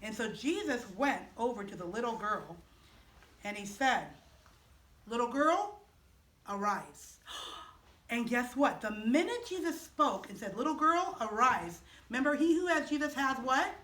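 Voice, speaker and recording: A woman telling children a story in chapel. She is animated and expressive, with dramatic pauses and playful questions to the listeners. Her fairly high voice is heard from some distance in an echoey room.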